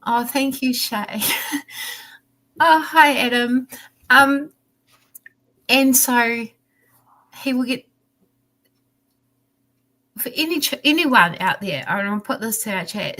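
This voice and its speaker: Chatty mum, rambling and candid. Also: female voice, mid-range voice, a bit bright. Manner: rambling, restarts often, laughs, acts out her son's pleading. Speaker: livestream guest. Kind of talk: candid personal chat.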